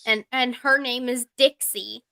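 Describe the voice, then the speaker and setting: A woman with a light Southern accent tells stories in a relaxed group chat. Her voice sits a little high and sounds bright. The sound is close and dry. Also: a little slow, gravelly, dry recording. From Georgia, US. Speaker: guest. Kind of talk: casual chat.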